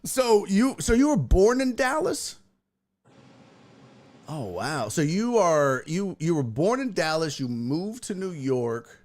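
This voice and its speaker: A man's voice: high voice, big pitch swings, slow, a little mellow, slight background noise. A man hosting a casual chat show, a stand-up comic who laughs often and swears freely. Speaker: host; stand-up comedian.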